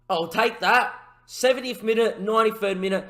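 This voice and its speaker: A man doing excitable mock football commentary over a video game, shouting when goals go in and chatting to his viewers in between. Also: high voice, normal speed. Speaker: gaming YouTuber.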